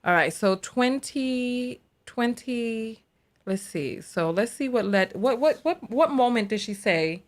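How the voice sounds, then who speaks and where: A woman's voice: fairly high pitch, lively intonation, measured pace. A woman hosting a live reaction stream, chatting with her viewers and voicing her disbelief. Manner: chatty, talks to viewers as y'all, incredulous.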